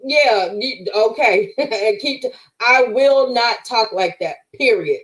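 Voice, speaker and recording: A woman's voice: on the high side, expressive, slow pace, fairly bright tone, low-quality recording. A woman guest on a podcast giving an emphatic, preacherly faith testimony in conversation, speaking straight to her listeners.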